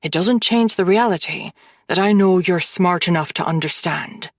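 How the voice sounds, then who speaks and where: A woman voicing a cold, dangerous mafia man who speaks calmly and conversationally, with quiet menace in an audiobook. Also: lowish voice, moderate pace, no echo, studio quality. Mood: coldly persuasive. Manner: calm, conversational, quietly threatening.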